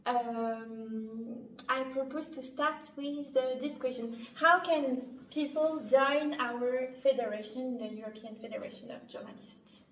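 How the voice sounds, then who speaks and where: High-voiced French-accented woman moderating. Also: steady tone, unhurried, few pauses. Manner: chatty, reads out questions. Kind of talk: casual panel Q&A. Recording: echoey room from far off, faint noise.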